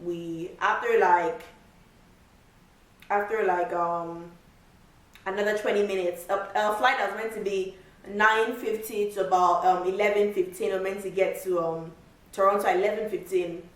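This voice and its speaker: A woman vlogger telling a travel story in a casual, animated way, with lots of repeats and filler words. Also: mid-range voice, moderate pace. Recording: echoey room, mic far off.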